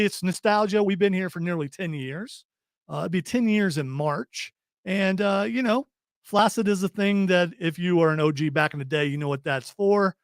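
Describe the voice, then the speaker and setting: A man's voice: high-pitched, dry recording, clean studio sound. A man hosting a casual radio chat show, rambling, repeating himself, self-deprecating.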